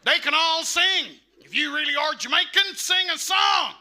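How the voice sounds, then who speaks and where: Guy doing a drawling redneck heckler, high and shouty, bright sharp tone. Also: lively intonation, exaggerated voice. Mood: belligerent. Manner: drawling, belligerent, slow. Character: loud heckling American redneck man.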